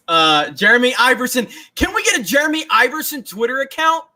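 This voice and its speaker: A young man with a high, bright voice rants excitedly on a casual livestream. He repeats himself, keeps cracking himself up, and talks with loose, playful energy. The tone stays sharp and lively. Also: fairly quick, few pauses. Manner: excited, repetitive, laughing often. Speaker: host.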